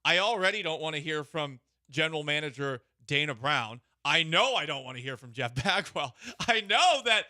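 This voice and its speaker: A man co-hosting sports talk radio who puts measured, probing questions to his partner. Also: fairly high pitch, animated, sharp tone, no echo, studio quality.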